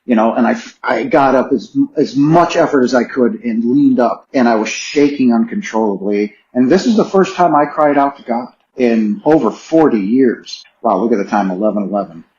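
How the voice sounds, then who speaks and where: A man's voice: medium pitch, normal speed, hardly any pauses, darkish tone, a little hiss or hum. A middle-aged man telling a personal story as a podcast guest, earnest and emotional, repeating phrases for emphasis. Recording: roomy, slightly dull sound.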